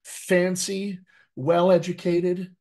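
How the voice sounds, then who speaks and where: A man with an American accent, a dialect coach giving a lively, teacherly talk to actors over a video call, often checking in with "right?". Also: sits high, slow pace. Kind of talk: live online coaching talk.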